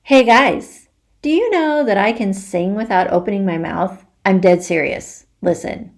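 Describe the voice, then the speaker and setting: A woman's voice: medium pitch, animated, unhurried. A woman voicing a spirited little girl who is dramatic and eager for attention, speaking with a childlike lilt. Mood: showing off.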